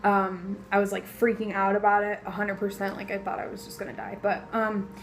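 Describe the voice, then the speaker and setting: A young woman telling a story casually in a vlog, animated and profane, full of fillers, sore after surgery. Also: mid-range voice, fairly quick, a little hiss or hum, rough recording. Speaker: vlogger.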